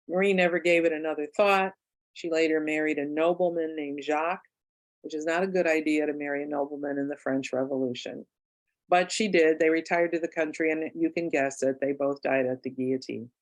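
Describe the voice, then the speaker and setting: On a rough recording, a low-pitched female author who practices past-life regression shares a client's case at a book club talk. Her telling is casual, sprinkled with fillers and side remarks.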